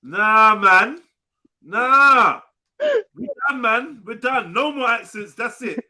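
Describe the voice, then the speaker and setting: A man's voice: extremely high pitch, slow pace, pushed and bright. A man hosting a casual panel, teasing and laughing with his co-hosts. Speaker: host. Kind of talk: casual group chat.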